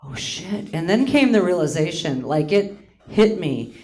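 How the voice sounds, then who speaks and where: A woman's voice: lowish voice, big pitch swings, unhurried, mellow. A woman in her late fifties from Hawaii, performing a self-mocking stand-up comedy set on a theater stage, often laughing at her own lines. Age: 50s.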